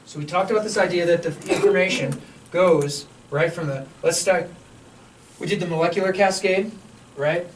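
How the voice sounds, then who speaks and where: A high-pitched man gives a classroom lecture at a university at a moderate pace. He keeps it casual and joking and often checks in with his students. A distant mic picks him up along with faint room hum from the lecture hall.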